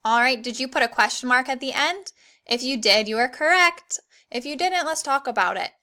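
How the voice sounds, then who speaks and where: A young woman teaching an online grammar lesson to children, clear and encouraging, reading the examples slowly. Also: high voice, pushed and bright.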